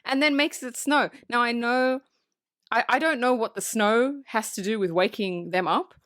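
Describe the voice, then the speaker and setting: A woman co-hosting a movie podcast, recapping the film in casual, profane, animated chat and acting out bits of the characters. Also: fairly high pitch, moderate pace, no echo, studio quality. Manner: animated, swears freely, acts out characters. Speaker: podcast co-host.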